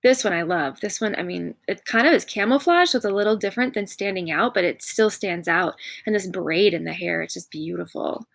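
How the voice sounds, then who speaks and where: A woman's voice: lowish voice, fairly quick, creaky, few pauses, fairly bright tone, no room sound. A woman art teacher talking through student examples in a recorded lesson, encouraging and pointing things out one by one. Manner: encouraging, repeats "notice" while pointing out examples. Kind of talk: recorded classroom lesson walkthrough.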